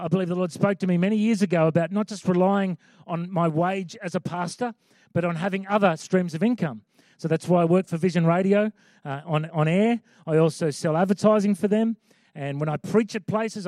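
Male pastor, high voice, chatty sermon, emphatic repetition, dry close sound. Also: fairly quick, darkish tone, no echo. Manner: conversational preaching with emphatic repeated lines.

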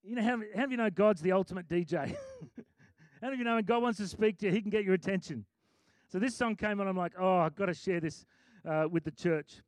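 A man's voice: high voice, fast talker, dry recording. A middle-aged male pastor preaching a sermon in a chatty, self-amused way, breaking into sung lyrics.

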